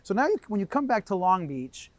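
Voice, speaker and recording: A man's voice: high voice, sing-song, brisk. A man interviewing a guest, asking casual questions and eagerly echoing her answers.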